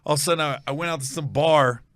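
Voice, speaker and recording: A man's voice: fairly high pitch, racing, fairly bright tone, no echo, studio quality. A man hosting a comedy podcast, chatting casually and swapping road stories with his guest. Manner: chatty, swaps road stories and laughs at his own punchlines. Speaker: podcast host, stand-up comedian. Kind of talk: casual chat. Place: podcast studio.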